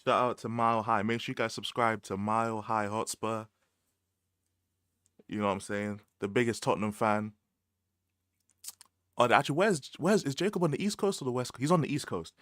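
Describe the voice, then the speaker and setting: A man's voice: medium pitch, moderate pace, pauses often, a bit bright, no room sound, clean studio sound. A young man with a London accent, chatting casually on a livestream, full of slang and repeated phrases, laughing often. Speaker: livestream host. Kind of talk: casual livestream chat about football.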